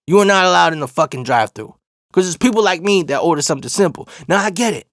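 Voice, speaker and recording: A man's voice: sits high, lively intonation, fast, a bit bright, no room sound, studio quality. A man in his forties hosting a podcast, telling stories in a laid-back, rambling way full of profanity. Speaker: podcast host. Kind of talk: casual storytelling monologue.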